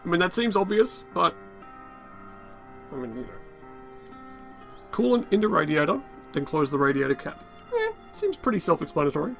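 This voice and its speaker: A man with a raspy, worn-out voice giving rambling, casual gameplay commentary, muttering to himself and swearing often. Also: sits high, huge pitch swings, moderate pace, pauses often, fairly bright tone, faint music behind. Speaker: gaming channel host.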